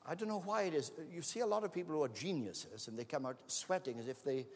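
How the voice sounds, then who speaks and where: A man's fairly high, a little mellow voice moves at a quick pace with lively intonation. He's giving a sermon full of stories, acting out what the characters say. The large church hall gives the recording a long reverb.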